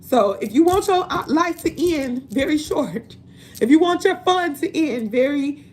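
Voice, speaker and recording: A woman's voice: high voice, lively intonation, a little slow, a little hiss or hum. A woman in her forties from Chicago with a Chicago accent, talking bluntly and laughing often in a casual livestream monologue. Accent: African American Chicago. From Chicago, USA. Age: 40s. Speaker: livestream host.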